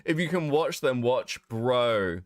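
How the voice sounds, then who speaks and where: A man's voice: mid-range voice, slow, no room sound, studio quality. A young man co-hosting a stream, reacting casually with frequent laughs and swearing. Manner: animated, laughs often, swears freely. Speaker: streamer co-host.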